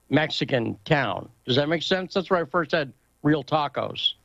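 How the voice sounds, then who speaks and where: A man's voice: medium pitch, fairly bright tone, no echo, highs cut off. A man hosting a casual talk show, telling stories in a rambling way and often asking whether his point makes sense. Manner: rambling, anecdotal, asks for agreement. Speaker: host.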